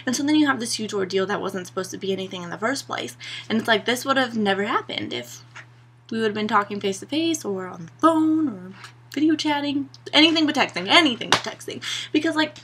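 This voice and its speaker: A woman's voice: a little high, expressive, fairly quick, fairly bright tone, a little hiss or hum. A young woman vlogging to her camera, a sarcastic and exasperated rant full of "like" and "you know". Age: young adult.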